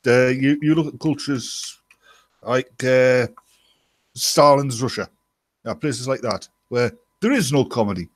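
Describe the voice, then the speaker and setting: A man's voice: medium pitch, measured pace, dry recording. A man, a blunt, sweary panelist on an online video call. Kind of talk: casual banter in an online hangout.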